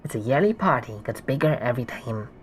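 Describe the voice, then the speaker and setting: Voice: lively intonation, fast talker, husky, faint music behind. Streamer voicing a muffled, laid-back fox-masked youth. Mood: easygoing. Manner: easygoing, rambling sales pitch. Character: laid-back young man selling masks from behind a fox mask.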